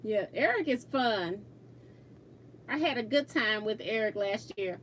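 A high-voiced woman chats casually while she sews on a livestream, laughing easily and reading out viewer comments. Faint room ambience sits behind her voice, picked up by a simple streaming mic. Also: expressive, unhurried, fairly bright tone, slight background noise. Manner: chatty, laughs often, reads viewer comments aloud. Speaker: quilting livestream host.

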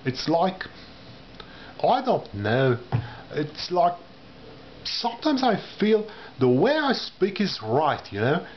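A man with a non-native English accent speaking to camera, in slow, halting, carefully pronounced phrases. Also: huge pitch swings, a little hiss or hum. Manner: wide pitch swings from low murmurs to high emphasis. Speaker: vlogger. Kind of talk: talking to camera about learning a language. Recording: dull lo-fi sound with faint ambience.

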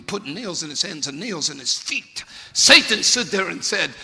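A man's voice: sits high, lively intonation, moderate pace, hardly any pauses, bright, forceful tone. A man preaching a sermon as a pastor, fervent and conversational, firing rhetorical questions at his congregation. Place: church sanctuary. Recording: long church reverb.

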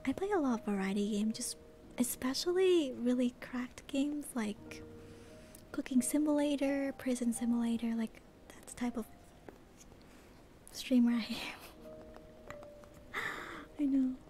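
A female livestreamer chatting in whispered role-play, soft and bubbly, at home at night. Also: high voice, measured pace, pauses often, faint music behind.

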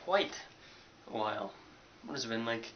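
A young man, a college student, telling a sarcastic, animated story in a casual vlog from his dorm room. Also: mid-range voice, normal speed. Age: young adult. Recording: dull lo-fi webcam audio with hiss.

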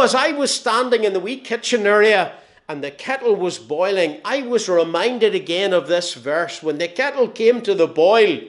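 Northern Irish preacher in his sixties. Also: sits high. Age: 60s. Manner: storytelling with gentle humour, dropping soft and slow at phrase ends. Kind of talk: sermon.

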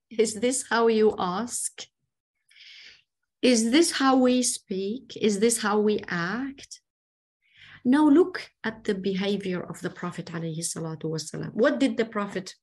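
Woman teaching faith lesson, slow and deliberate, acts out the quotes. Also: medium pitch, husky. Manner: animated storytelling, acts out quoted speech. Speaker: Islamic teacher. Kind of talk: religious lesson.

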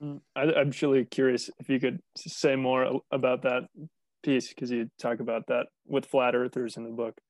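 A male interviewer who stumbles and restarts as he asks his questions. His voice is gravelly and flat. The sound is dry and comes from a little way off the mic. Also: medium pitch, moderate pace, dry recording. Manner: hesitant, stumbling over words. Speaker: host.

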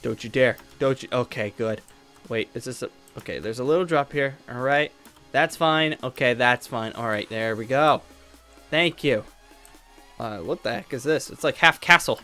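A man's voice: mid-range voice, normal speed, sharp tone. A young man commenting on his own gameplay, muttering to himself and breaking into frustrated outbursts. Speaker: gaming youtuber. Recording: faint game music behind.

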